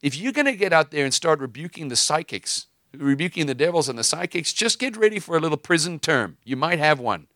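This preacher and host speaks in a slightly high, sharp voice, animated and brisk with few pauses. His impassioned preaching carries fiery emphasis, mixing stories and casual asides into the scripture. The recording is dry, with clean studio sound.

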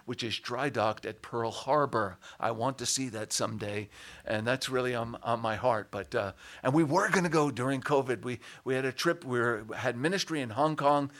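An older man preaching a sermon in an animated way, rising to loud, emphatic shouts on key words. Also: medium pitch, moderate pace. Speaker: pastor.

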